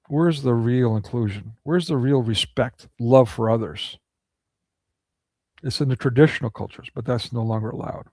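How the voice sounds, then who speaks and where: A man's voice: medium pitch, moderate pace, darkish tone, dry recording. A man delivering a ranting monologue of political commentary, indignant and full of rhetorical questions.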